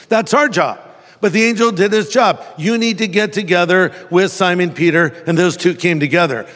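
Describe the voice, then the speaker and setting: A pastor with a high, bright voice preaches to a congregation. He jokes and acts out the voices as he tells the story. His words ring out with a long reverb through a big hall. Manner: humorous storytelling, acting out voices. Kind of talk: sermon.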